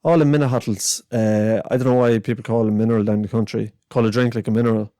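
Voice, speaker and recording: A man's voice: fairly low pitch, little pitch movement, quick pace, warm tone, no echo, studio quality. A young Irish man hosting a podcast, telling a meandering story with plenty of laughs. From Ireland. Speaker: podcast host. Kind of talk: casual rambling monologue.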